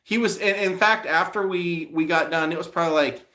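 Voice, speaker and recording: A man's voice: on the high side, a little fast, bright, forceful tone. A man hosting a casual live stream, rambling along with lots of fillers as he answers viewers' comments.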